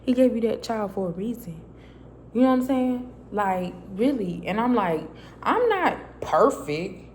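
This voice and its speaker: Woman vlogger, animated and chatty faith testimony, mid-pitched voice, faint background noise. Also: moderate pace. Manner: animated storytelling, acting out her own dialogue; casual, loose and chatty with many fillers. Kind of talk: casual faith testimony vlog. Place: a quiet private space.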